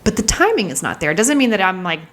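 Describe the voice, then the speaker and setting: A woman's voice: mid-range voice, big pitch swings, quick pace, fairly bright tone. A woman in her thirties telling a personal story in a candid, searching way, sometimes dropping into a whisper as she relives a moment. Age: 30s. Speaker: vlogger.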